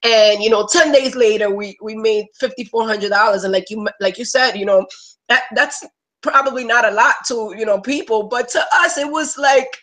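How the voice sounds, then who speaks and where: A woman's voice: on the high side, normal speed, fairly bright tone, low-quality recording. A woman in her thirties giving an emotional personal testimonial, rambling with lots of "like" and "you know", close to tears at times. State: near tears. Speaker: testimonial speaker.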